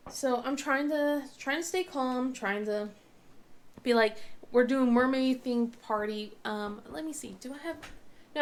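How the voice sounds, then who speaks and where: A woman's voice: high-pitched, fairly bright tone, a little hiss or hum. A woman in her thirties chatting casually while she crafts, rambling with many restarts and sore-mouthed. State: mouth in pain. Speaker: vlogger and crafter.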